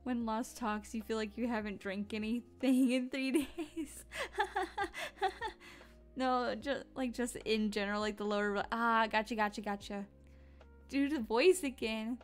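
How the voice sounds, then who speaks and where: Sleepy woman streamer rambling and giggling, kinda high voice, nice and smooth. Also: steady tone, unhurried, faint music behind. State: sleepy and tired. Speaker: live streamer. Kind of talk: casual live-stream chat.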